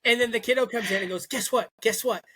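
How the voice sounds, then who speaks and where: A young man co-hosting a casual podcast, telling a long story with a bright, clear voice. He jumps into the voices of the people he quotes and keeps the chat loose. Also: extremely high pitch, fast talker. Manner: animated, acts out quoted voices. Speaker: podcast co-host.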